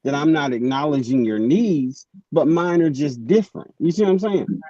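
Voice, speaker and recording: A man with a slightly high but mellow, dark voice explains his point patiently. The sound is dull, lo-fi and dry. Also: animated, normal speed, no echo. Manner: explains patiently, checks listeners follow. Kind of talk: casual group chat on a live stream.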